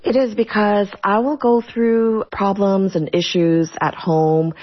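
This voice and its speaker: A comedian and content creator answering interview questions, animated and quick to laugh, in a muffled recording. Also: female voice, mid-range voice.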